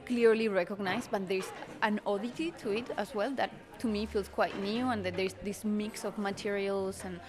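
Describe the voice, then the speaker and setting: A woman's voice: medium pitch, fairly even intonation, normal speed, few pauses. A female fashion designer explaining her collection thoughtfully in an interview, with many fillers. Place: busy showroom at a cultural institute. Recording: showroom with clear crowd chatter.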